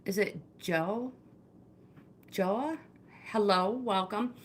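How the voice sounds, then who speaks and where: This middle-aged fitness livestream host leads a walking workout, chatting, cheering viewers on and greeting them by name while slightly winded. Her mid-range voice draws out words, and the recording has a little hiss or hum plus roomy indoor echo.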